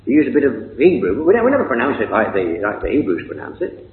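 A man's voice: mid-range voice, huge pitch swings, fast talker, a little hiss or hum. Older man preaching in a tinny echoey hall. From England. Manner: conversational, with frequent rhetorical questions. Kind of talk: sermon.

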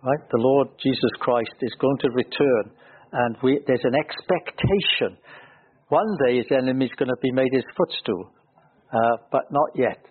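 A man's voice: mid-range voice, normal speed, slightly rough. Earnest male preacher on thin radio. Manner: earnest, rising emphasis on key words. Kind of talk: expository Bible teaching. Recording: thin phone-like radio broadcast.

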